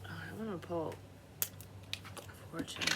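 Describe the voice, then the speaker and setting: A woman's voice: a little slow, background noise. A woman vlogging in a rambling, profane monologue, talking to herself and now and then dropping into a whisper. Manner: profane, scattered, talks to herself, drops into whispers. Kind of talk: rambling psychic vlog monologue.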